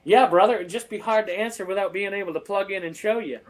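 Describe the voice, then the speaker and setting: A man from Maine whose accent has taken on a Southern drawl, a guest guitarist talking folksy and animated in a casual interview. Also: high voice, fast, low-quality recording. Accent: Southern drawl over a Maine accent. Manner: folksy and animated, calls people brother and man.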